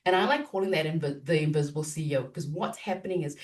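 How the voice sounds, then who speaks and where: Animated woman coach, distant from mic. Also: low-pitched, fast. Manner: animated, acts out inner self-talk. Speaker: business coach guest. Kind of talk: conversational podcast interview.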